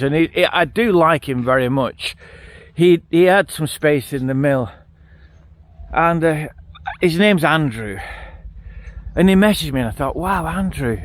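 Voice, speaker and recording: A man's voice: mid-range voice, slight background noise. A middle-aged man, chatting casually to camera outdoors by a farm field. He tells his story bluntly, with frequent restarts. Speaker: vlogger.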